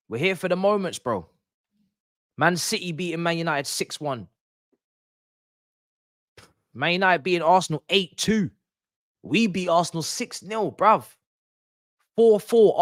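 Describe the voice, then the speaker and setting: Excitable young man streaming football. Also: a little high, no room sound, studio quality. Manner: excitable, slangy, repeats himself. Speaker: football watch-along streamer. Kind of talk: live match watch-along commentary.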